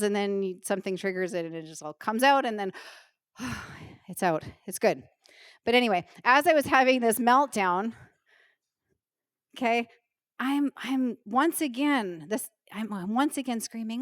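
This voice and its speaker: A middle-aged woman pastor preaching a sermon in an earnest, emotional way, slowing down to stress key words. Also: fairly high pitch, dry recording, clean studio sound. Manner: earnest, emotional, slows down for emphasis. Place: church stage.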